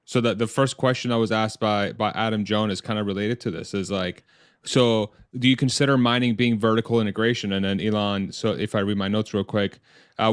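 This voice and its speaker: Low-voiced man asking a panel questions. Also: fairly even intonation, a little fast, clean tone, dry recording, clean studio sound. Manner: joking, asks the group questions. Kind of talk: casual panel chat.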